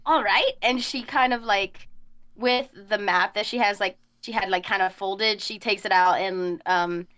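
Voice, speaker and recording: A woman's voice: mid-range voice, steady tone, a little slow, fairly bright tone, smooth, highs cut off. Rambling woman player. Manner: rambling with many fillers. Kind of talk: casual tabletop game play.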